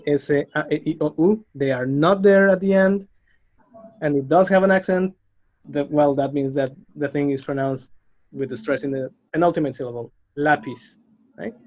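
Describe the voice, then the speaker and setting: Slow, patient male language teacher. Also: fairly high pitch. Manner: patient, spells out letters and examples. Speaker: Spanish teacher. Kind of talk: slow explanatory lesson. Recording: slightly dull lo-fi recording.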